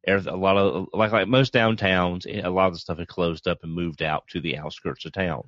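A man's voice: deep voice, steady tone, brisk, fairly bright tone, dry recording, highs cut off. A man, telling a casual travel anecdote on a podcast with a lot of hesitation. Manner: hesitant, full of fillers. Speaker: podcast panelist.

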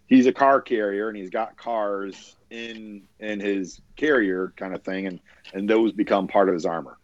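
A man's voice: lowish voice, fairly even intonation, moderate pace, no room sound, lo-fi sound. A man co-hosting a casual podcast chat, adding short remarks. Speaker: podcast co-host.

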